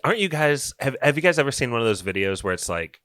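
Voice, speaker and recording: A man's voice: medium pitch, sing-song, quick pace, fairly bright tone, dry recording, studio quality. A man on a podcast chatting casually in a thoughtful, hedging way. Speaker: podcast co-host. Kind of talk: casual chat.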